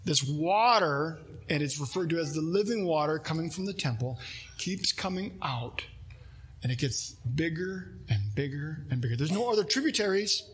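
A man's voice: fairly high pitch, expressive, normal speed, a bit bright, slightly rough. A man preaching a sermon as pastor, earnest, reading scripture aloud and asking his listeners questions.

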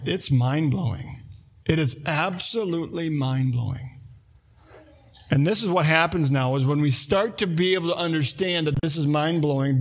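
A pastor preaching a conversational sermon, telling a family story with acted-out quotes. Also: male voice, on the high side.

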